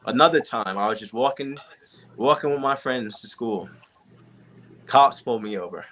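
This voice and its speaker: A man's voice: medium pitch, normal speed. A young man telling stories casually to a group, acting out the quoted exchanges. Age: young adult. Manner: animated storyteller, acts out quoted exchanges. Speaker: panel guest. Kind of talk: casual storytelling in a group chat.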